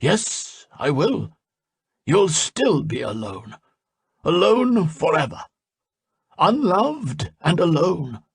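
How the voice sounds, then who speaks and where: A man voicing a stern, withered old wise man in an audiobook, speaking slowly and solemnly. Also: on the high side, sing-song, gravelly, slightly rough, no room sound, pitched above the performer's own voice, exaggerated voice. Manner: slow, solemn and deliberate.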